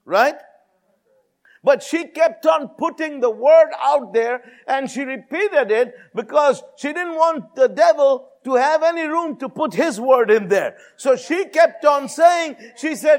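Guy preaching a sermon, high voice with a gravelly rasp, keeps repeating for emphasis. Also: lively intonation, moderate pace. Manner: emphatic, repetitive preaching with call-and-response.

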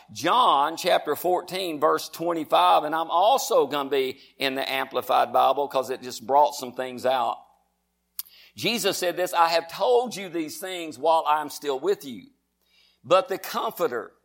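Guy preaching a sermon to folks at home, high voice, fervent and repeats himself a lot. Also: vocal fry, fairly bright tone. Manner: fervent, repetitive preaching, self-described fast talker. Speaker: pastor.

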